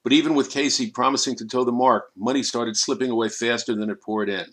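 Man narrating an audiobook, measured and dramatic. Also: medium pitch, fairly even intonation, fairly bright tone.

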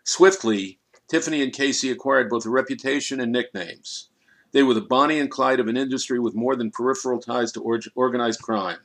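A man reading a crime audiobook in a measured, dramatic storytelling manner. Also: mid-range voice, fairly bright tone. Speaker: narrator. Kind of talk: scripted audiobook narration.

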